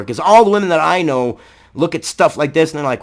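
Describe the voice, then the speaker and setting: In a heated, profane vlog rant about politics, a man sometimes shouts and throws out rhetorical questions one after another. His expressive voice is a little high and moves a little fast.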